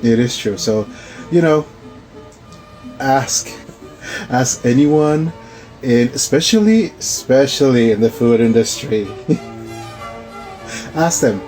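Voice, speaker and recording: A man's voice: medium pitch, animated, slow pace, long pauses, darkish tone, faint music behind, poor audio. A man giving laid-back video commentary, chuckling now and then.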